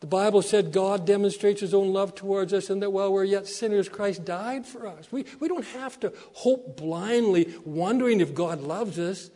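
Man, pastor preaching a sermon; high, warm voice; emphatic repetitions, soft low dips. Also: moderate pace, few pauses. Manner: preaching with rising emphasis and repeated phrases.

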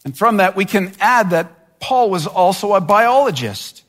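A man preaching a sermon in an earnest, deliberate way, sometimes voicing imagined complaints with rising intensity. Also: sits high, lively intonation, fairly bright tone, long reverb tail. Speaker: pastor.

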